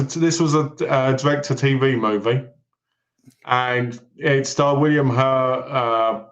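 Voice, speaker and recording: A man co-hosting a film podcast, retelling movie plots in a lively way and acting out the characters' lines. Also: medium pitch, highs cut off. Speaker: podcast co-host. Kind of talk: casual film review chat. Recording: echoey room.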